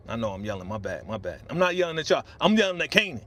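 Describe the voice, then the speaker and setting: A man's voice: mid-range voice, sing-song, rapid-fire, hardly any pauses, fairly bright tone. A middle-aged man hosting a casual live-stream reaction, ranting with feeling and reading out viewer comments on a podcast microphone. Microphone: podcast studio microphone.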